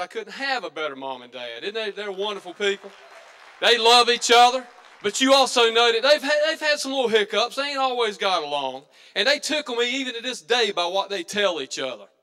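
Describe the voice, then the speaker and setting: A man's voice: high voice, sharp tone, clear, resonant tone. A man doing stand-up, telling folksy stories on stage and acting out the people in them. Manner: folksy drawl, acts out characters in his jokes. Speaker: stand-up comedian. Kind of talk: stand-up storytelling. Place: stage before a live audience.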